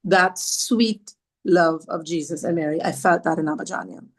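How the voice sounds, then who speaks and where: A woman's voice: lowish voice, normal speed. A woman from Trinidad, a podcast guest telling a heartfelt personal story, earnest and devout, repeating phrases for emphasis. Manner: devout, speaks of faith warmly.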